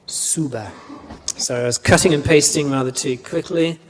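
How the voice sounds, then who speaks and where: A man's voice: fairly high pitch, moderate pace, slight background noise. A man teaching a class, chatty, repeating words and asking the students questions. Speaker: language lecturer. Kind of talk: classroom lecture. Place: lecture room. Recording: long reverb of a lecture hall.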